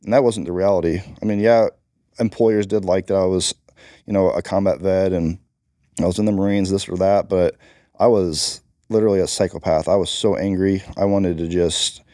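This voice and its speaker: A man's voice: low-pitched, fairly even intonation, moderate pace, dark tone, no room sound, clean studio sound. A man who is a Marine combat veteran, talking bluntly and emphatically as an interview guest. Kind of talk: candid interview talk.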